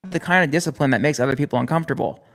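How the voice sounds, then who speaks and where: Fast-talking blunt man on discipline. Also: a little high, a bit bright. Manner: blunt, profane, challenging questions. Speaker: podcast guest. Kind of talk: motivational podcast talk.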